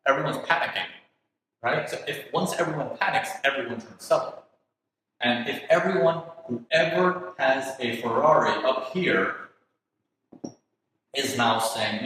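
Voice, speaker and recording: A man teaching trading to a class, animated, acting out traders' thoughts in quick asides. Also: mid-range voice. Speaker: forex trading instructor. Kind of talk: lively teaching talk. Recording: echoey hall with faint noise.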